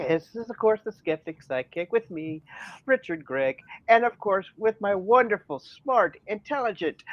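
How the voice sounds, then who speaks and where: A man's voice: high voice, lively intonation, normal speed, fairly bright tone, no echo, muffled recording. A man co-hosting a casual podcast, talking in a playful, jokey way. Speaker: podcast co-host.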